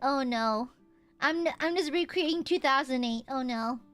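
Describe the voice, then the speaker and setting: In casual live gameplay chat, a woman streaming as a VTuber is playful, swears freely and bursts into melodrama. She speaks a little slowly in a high-pitched, fairly bright voice.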